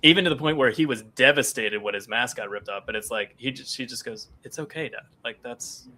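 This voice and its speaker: A man's voice: medium pitch, quick pace, pushed and bright. A man co-hosting a podcast, animatedly retelling scenes from a comic in casual chat. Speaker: podcast co-host.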